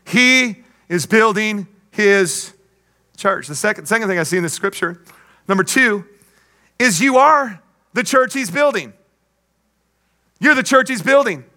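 A man's voice: high-pitched, animated, unhurried, pauses often, sharp tone. A man preaching a sermon as pastor, emphatic, with call-and-response asides and playful jokes.

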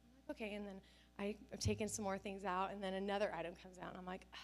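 A woman's voice: medium pitch, level tone, racing. A woman pastor preaching a conversational sermon, telling stories with self-deprecating humor.

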